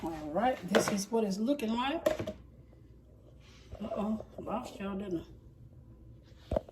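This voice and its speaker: A woman's voice: medium pitch, recorded from a distance, background noise. A woman, chatting casually to her viewers as she cooks and tastes food in her home kitchen. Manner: chatty, talks straight to viewers as y'all. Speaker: cooking vlogger. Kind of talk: casual chat while cooking and tasting.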